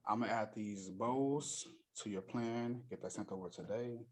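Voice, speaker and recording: A male coach runs a check-in over a video call in a fairly low voice. He sounds upbeat and encouraging and keeps moving things along with quick "okay, cool" wrap-ups. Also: crowd noise. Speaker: nutrition coach.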